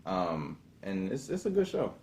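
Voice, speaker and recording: A man co-hosting a casual podcast, talking haltingly, with many restarts while he searches for words. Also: sits low, wildly swooping pitch, a little mellow, reverberant. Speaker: podcast co-host. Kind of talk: casual chat.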